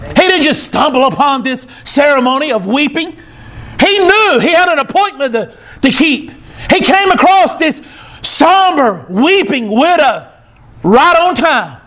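A male pastor with a very high voice preaches a sermon in church. He is emphatic, teary and emotional, repeating short phrases and building up to shouts.

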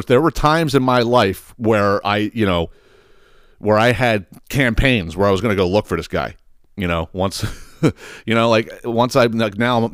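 A man on a podcast tells stories in a casual, foul-mouthed rush, laughing often and circling back with lots of "you know"s. His voice sits a bit low, and the recording is close and dry with no room sound. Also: dry recording. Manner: profane, animated, laughs often; many fillers and restarts. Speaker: podcast host. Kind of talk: casual storytelling monologue.

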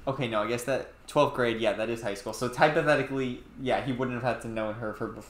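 A man's voice: medium pitch, quick pace, slight background noise. Man retelling film scenes in an echoey room. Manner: animated storyteller, retells scenes. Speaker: podcast co-host. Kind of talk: casual film discussion.

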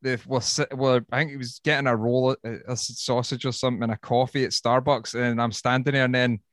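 A Scottish man, a woodworker guest on a podcast, telling stories in a casual, sweary, animated way. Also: mid-range voice, fairly quick, no room sound, studio quality. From Scotland. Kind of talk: casual chat.

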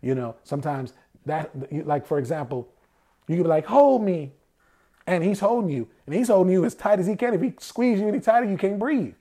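A man delivers a conversational sermon in a fairly high yet warm, mellow voice. He keeps asking his listeners rhetorical questions and then answers them himself. Now and then he slips into the voices of the people he quotes. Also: brisk.

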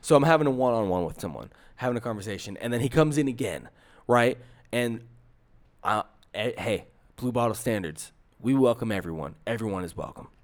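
A man's voice: mid-range voice, animated, fairly quick. A man co-hosting a podcast, telling a story in casual chat and acting out the quotes, with many restarts. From San Francisco area. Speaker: podcast co-host.

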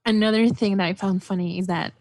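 A woman's voice: medium pitch, fairly even intonation, quick pace, a little mellow, dry recording. A woman guest chatting casually about a film, enthusiastic and rambling with many fillers. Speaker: podcast guest.

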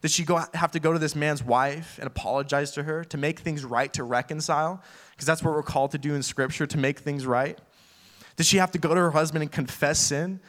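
A man's voice: a little high, steady tone, fairly quick, fairly bright tone. A young man preaching a casual sermon full of fillers, acting out little quoted voices as he talks.

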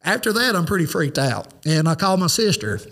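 Man, fairly high voice, rambling and earnest, fillers everywhere, podcast guest. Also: big pitch swings, a little fast, a bit bright. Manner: rambling, earnest, lots of "you know" fillers. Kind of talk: casual storytelling.

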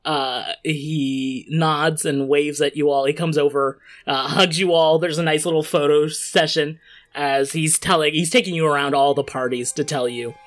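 A game master narrating an improvised comedy tabletop scene, laughing often between quick asides. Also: medium pitch, fairly even intonation.

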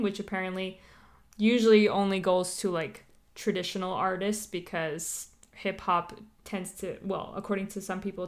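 A woman hosting a podcast, chatting casually and explaining a topic with lots of fillers and asides. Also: mid-range voice. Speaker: podcast host.

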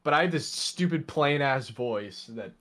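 A man's voice: mid-range voice, animated, measured pace, a bit bright. Laid-back man with a northeastern American accent. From northeastern United States. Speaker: podcast co-host. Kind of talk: casual podcast banter. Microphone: video call.

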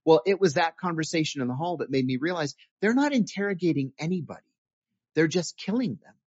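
Guy with a higher-ish voice telling stories, restarts a lot, dull dry sound. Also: brisk, husky, dry recording. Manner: earnest, animated recounting with restarts. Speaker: former intelligence officer. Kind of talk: interview storytelling.

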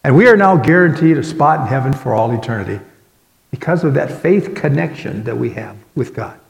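A man preaching a sermon as pastor, earnest, with dramatic pauses. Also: mid-range voice, expressive, creaky. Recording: echoey hall with long reverb.

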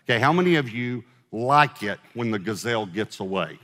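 A man's voice: fairly low pitch, lively intonation, a little fast, sharp tone. A middle-aged man preaching a sermon as pastor, in a casual conversational way, asking the congregation questions and joking with them. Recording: long hall reverb.

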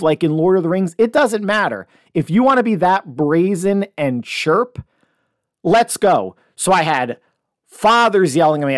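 A middle-aged man hosting a podcast, telling a blunt, animated story in a casual monologue. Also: on the high side, dry recording, studio quality. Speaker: podcast host.

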